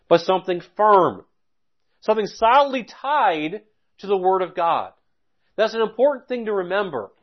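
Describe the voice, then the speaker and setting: A man delivering a sermon in a somewhat high voice. He reads scripture at a deliberate pace, then shifts into plain, conversational teaching, sometimes restarting his phrases. The recording sounds dull and lo-fi. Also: very animated. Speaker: preacher.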